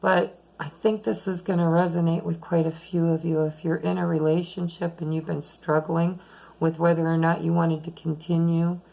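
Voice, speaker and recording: A woman giving a chatty, rambling tarot reading at home late at night, losing her voice and talking softly at times. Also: lowish voice, flat delivery, normal speed, gravelly, muffled recording. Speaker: tarot reader.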